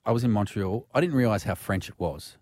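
A man's voice: lowish voice, a little mellow. A man with an Australian accent co-hosting a radio show, playful and jokey in casual banter. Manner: playful, jokey, quick to do voices. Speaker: radio co-host. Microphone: studio microphone.

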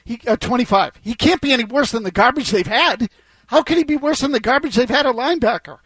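Very high-voiced blunt male co-host. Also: quick pace, fairly bright tone, no room sound. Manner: blunt, emphatic opinions. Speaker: sports radio co-host. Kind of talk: sports talk radio banter. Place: radio studio. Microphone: studio microphone.

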